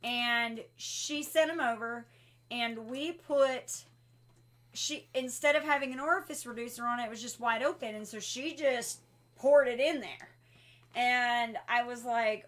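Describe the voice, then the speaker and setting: Woman host, lively storyteller with a slightly high voice, casual livestream class. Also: normal speed. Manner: animated storyteller who laughs often. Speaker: host teaching an essential oils class.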